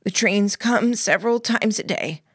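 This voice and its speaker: A woman reading an audiobook, voicing an injured young boy who croaks his words tersely. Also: medium pitch, unhurried, no echo, clean studio sound, pitched above the performer's own voice. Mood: urgent.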